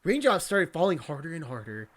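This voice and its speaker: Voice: medium pitch, very animated, a little fast. A VTuber reading a visual novel aloud, breaking off for joking, crude, teasing asides and frequent laughs.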